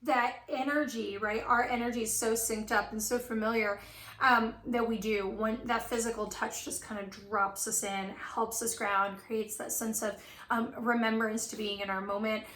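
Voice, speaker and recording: A woman's voice: a little high, fairly even intonation, unhurried, pushed and bright, reverberant. A woman coach chatting casually and effusively about her relationship, full of "like" and "right". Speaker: twin flame coach. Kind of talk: casual chat.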